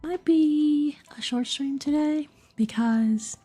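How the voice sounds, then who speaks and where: A young woman streamer with a voice roughened by a cold, chatting casually. She giggles often, fills her talk with "like," and sometimes drops into a whisper. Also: high voice, takes it slowly, soft background music. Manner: giggly, soft and filler-heavy, drifting into whispers. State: sick, slightly rough voice.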